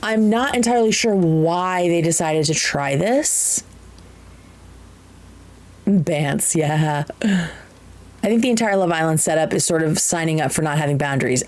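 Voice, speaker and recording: Chatty woman, slightly low voice. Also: moderate pace, long pauses, poor audio. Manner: chatty and animated, with many fillers and restarts. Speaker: podcast host. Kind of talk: casual chat on a live stream.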